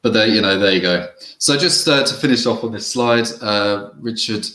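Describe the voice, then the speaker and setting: Deep-voiced man, roomy sound. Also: moderate pace, sharp tone, a little hiss or hum. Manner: hesitant, many fillers, reads quotes aloud. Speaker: co-host of a theme park fan channel. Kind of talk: casual live-stream chat. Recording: roomy echo.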